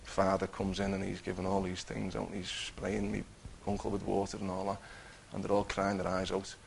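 A man's voice: sits low, monotone, normal speed, creaky, a little hiss or hum. A man giving an earnest personal testimony, telling his story with many restarts. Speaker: testifying believer.

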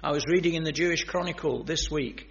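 A man preaches a sermon on biblical prophecy, earnest and emphatic, addressing his listeners directly. His voice is fairly high, quick, gravelly and fairly bright, captured in a dull lo-fi recording.

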